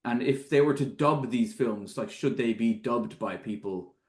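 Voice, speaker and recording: A man's voice: medium pitch, a little mellow. A man hosting a casual podcast, asking questions dryly and keeping his replies short. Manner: dry, deliberate, brief replies. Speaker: podcast host. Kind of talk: casual chat. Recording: roomy echo.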